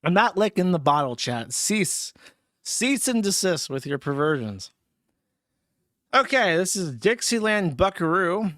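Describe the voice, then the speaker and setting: A man's voice: a little high, fairly bright tone, dry recording, studio quality. A man hosting a casual livestream, talking in a crude, sardonic, rambling way while a little tipsy. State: tipsy from drinking. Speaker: streamer host.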